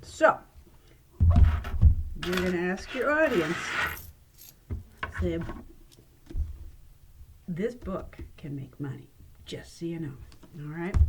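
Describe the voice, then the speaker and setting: A woman librarian casually walking viewers through coin tricks, chatty and playful, laughing at her own slips. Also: medium pitch. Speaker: librarian demonstrating magic tricks. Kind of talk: casual how-to demonstration. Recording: noisy room with clicks.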